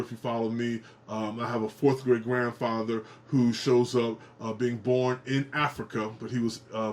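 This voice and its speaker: A middle-aged man talks casually to camera about family history. He is animated and explanatory, repeating himself and restarting phrases as he goes. His voice sits at an ordinary mid pitch but leaps upward when he stresses a point. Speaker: genealogy video host.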